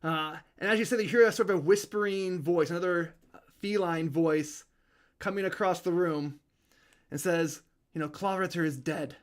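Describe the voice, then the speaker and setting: High-voiced man running a tabletop game. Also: normal speed. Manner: relaxed, hesitant narration with many fillers. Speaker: game master.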